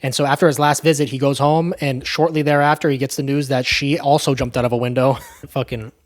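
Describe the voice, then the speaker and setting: A man's voice: mid-range voice, steady tone, fairly quick. A man casually retelling a movie plot, loose and profane, full of fillers. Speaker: movie recap host.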